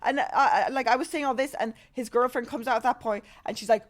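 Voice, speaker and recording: A woman's voice: fairly high pitch, quick pace. Woman streamer, profane rambling story. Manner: rambling, profane, animated retelling. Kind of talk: casual storytelling to chat.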